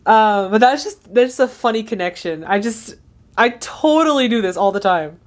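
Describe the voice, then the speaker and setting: A woman's voice: a little high, expressive, moderate pace. A young woman hosting a casual movie reaction, chatty and gushing, often laughing.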